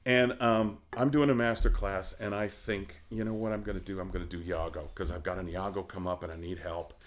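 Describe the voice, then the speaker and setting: A man's voice: sits low, a little fast. A middle-aged man, an opera singer, telling stories in a casual interview, acting out the voices of the people in them and laughing often. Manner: animated, acts out quoted voices, laughs often. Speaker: guest, opera baritone.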